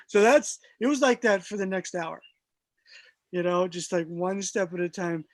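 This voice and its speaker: A man guest telling a personal story in a casual, animated way, laughing often and using lots of fillers. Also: sits high, measured pace, no echo.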